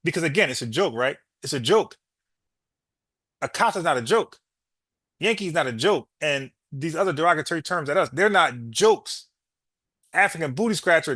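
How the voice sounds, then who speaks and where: A podcast host with a slightly high, somewhat bright voice argues heatedly with a caller in a call-in debate, repeating his points and calling him bro. The recording is studio quality with no echo.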